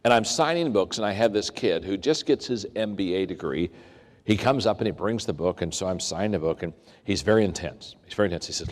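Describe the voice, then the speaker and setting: Speaking a little fast, an older leadership speaker tells stories in his keynote, animatedly imitating quoted voices with wide swings in pitch. The recording has the long echo of a large hall.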